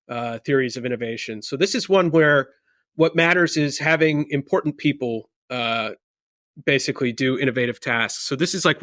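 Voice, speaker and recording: A man's voice: mid-range voice, a bit bright, no echo, studio quality. A man, a researcher guest on a podcast, explaining his ideas in a casual way with many ums. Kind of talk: casual conversational interview.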